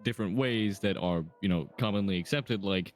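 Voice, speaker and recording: A young man with a northern American accent who lives in Kentucky, co-hosting a podcast in casual chat, hesitant and quick to giggle. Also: lowish voice, faint music behind. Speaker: podcast co-host.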